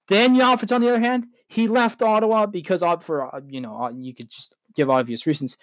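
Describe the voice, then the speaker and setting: A man's voice: sits high, fairly even intonation, fast talker, no echo. Heated rambling sports podcast host, man. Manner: rambling, heated, self-correcting. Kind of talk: solo sports talk podcast.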